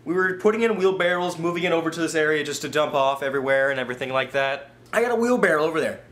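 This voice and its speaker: Racing through his words, a man tells funny personal stories in a vlog. He's animated and over-the-top, sinking low before leaping up high in excitement.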